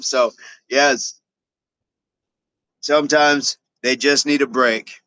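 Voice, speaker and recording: A man's voice: medium pitch, fairly even intonation, slow, pauses often, a bit bright, no echo. A middle-aged man hosting a fitness livestream, chatting casually with viewers and repeating affirmations as he reads their comments.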